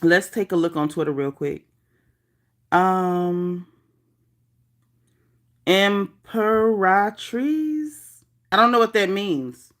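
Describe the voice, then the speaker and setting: A woman hosting a casual livestream, reading viewer comments aloud in a chatty, animated, folksy way. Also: on the low side. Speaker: livestream host reading chat. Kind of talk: casual live chat.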